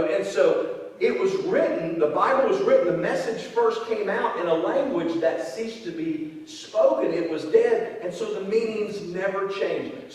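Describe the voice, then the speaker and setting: A middle-aged man preaches in a relaxed, folksy manner, his voice sitting fairly high. The sound is roomy and booming, like a big church hall. He is caught from well back from the microphone. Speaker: pastor. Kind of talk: sermon. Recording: echoey hall, distant mic.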